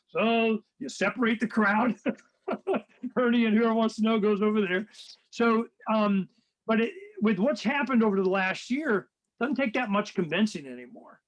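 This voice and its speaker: Talk radio host: older man, high voice, rambling and animated. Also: normal speed, poor audio. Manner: rambling, animated, acts out quoted people in a raised voice. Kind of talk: casual political chat.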